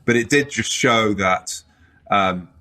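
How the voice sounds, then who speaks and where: British man, middle-aged, low-pitched, podcast guest, relaxed and rambling. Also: slow pace. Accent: British English. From Britain. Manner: relaxed, rambling with frequent fillers. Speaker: author and journalist guest. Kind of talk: casual podcast interview.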